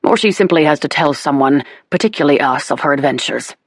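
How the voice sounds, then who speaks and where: A woman voicing a weary young duke in a historical audiobook, speaking in her own low, gravelly voice. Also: lively intonation, quick pace, dry recording, clean studio sound. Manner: weary, groaning. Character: weary young man, new duke, groaning.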